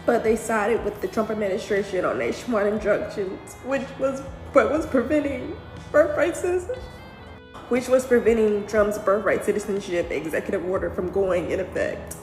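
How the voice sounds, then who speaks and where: A woman's voice: medium pitch, darkish tone. Woman, mom, holding back tears, earnest, echoey room, faint music. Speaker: mother. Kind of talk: emotional casual monologue.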